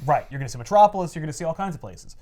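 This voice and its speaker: Man, podcast host, casual recap, slightly high pitch, loose and chatty. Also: rapid-fire. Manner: animated storyteller, swears casually. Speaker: comic book podcast host. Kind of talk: casual comic book recap.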